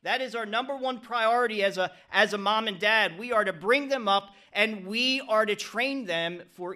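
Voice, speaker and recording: Middle-aged male pastor, high bright voice, earnest preaching with call-and-response "Amen?" checks. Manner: preaching with frequent "Amen?" calls to the congregation. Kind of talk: sermon.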